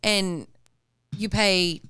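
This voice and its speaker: A woman's voice: medium pitch, fairly even intonation, extremely slow, pushed and bright, smooth, dry recording, studio quality. A woman, chiming in on a casual podcast with matter-of-fact corrections. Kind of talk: casual chat.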